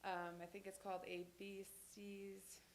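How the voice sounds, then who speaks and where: A woman's voice: medium pitch, level tone, measured pace, slight background noise. A woman teaching a sign language class in a church classroom, talking casually with many fillers and restarts.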